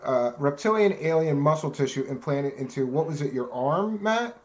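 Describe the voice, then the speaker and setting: A man hosts an interview in a slightly raised pitch. He presses insistently for a direct answer. He stays firm about it while keeping the conversation going. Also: animated, normal speed, a little mellow. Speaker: host. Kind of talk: interview questioning.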